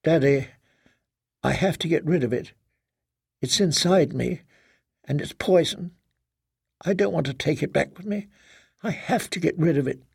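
A man's voice: on the high side, unhurried, creaky, pauses often, a little mellow, breathy edge, dry recording, studio quality, pitched above the performer's own voice, heavily acted. A man voicing a frightened grown daughter in an audiobook, speaking in a pleading, tremulous way. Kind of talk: audiobook character voice.

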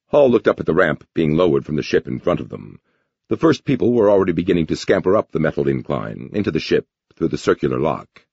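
A man narrating an audiobook with lively, expressive storytelling in a dull lo-fi recording. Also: extremely low pitch, fast talker, vocal fry, husky, no echo.

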